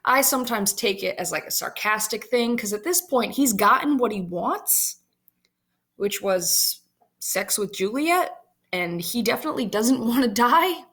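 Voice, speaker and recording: Woman teacher going over a play, chatty and relaxed, bit high voice. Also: a little slow. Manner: casual, chatty, explanatory. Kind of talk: explaining a play to students.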